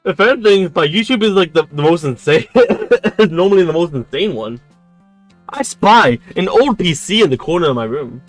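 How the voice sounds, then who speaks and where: A man's voice: fairly high pitch, expressive, moderate pace, dry recording, soft background music. A man streaming a dating game, reading its text aloud and chatting with his viewers in a giggly, stammering way. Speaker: gaming streamer.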